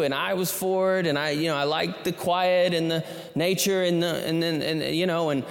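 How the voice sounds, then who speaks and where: A man's voice: a little high, steady tone, moderate pace, vocal fry, a little hiss or hum. A man telling a long personal story to a live audience, rambling and self-deprecating, with many restarts. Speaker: speaker. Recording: long hall reverb.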